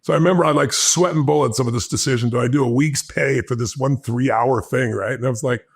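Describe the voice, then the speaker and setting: A man telling a personal story in an animated, intense way, acting out the voices of the people in it. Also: mid-range voice, husky. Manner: fast, intense, acts out the dialogue in his anecdotes. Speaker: motivational speaker.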